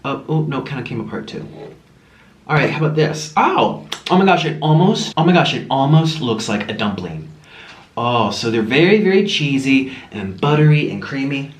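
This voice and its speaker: A man's voice: mid-range voice, sing-song, normal speed. A man chatting casually to viewers while eating on camera, gushing and chatty, sometimes talking with his mouth full, at home. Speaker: mukbang vlogger. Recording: echoey room with faint music.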